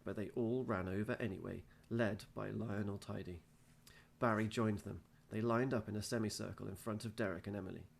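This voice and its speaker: Gravelly man reading a storybook. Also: fairly low pitch, fairly even intonation, a little fast. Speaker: teacher reading aloud. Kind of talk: storybook read-aloud.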